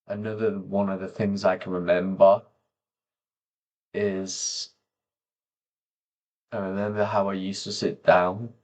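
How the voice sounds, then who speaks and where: A man talking slowly and softly to camera, pausing often as he reflects on personal memories. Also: sits low, little pitch movement. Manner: slow, soft-spoken, pausing often. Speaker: vlogger.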